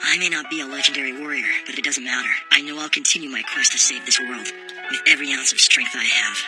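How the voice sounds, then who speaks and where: An actor playing an earnest young hero who speaks with sincere resolve in an anime dub. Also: male voice, mid-range voice, steady tone, fast talker, over music, natural voice.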